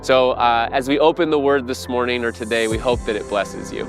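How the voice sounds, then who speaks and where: A man speaks at a middle pitch in a gentle, informal way, pausing on small fillers. Clear instrumental music plays underneath his whole introduction. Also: poor audio. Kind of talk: recorded introduction. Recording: spoken over loud music.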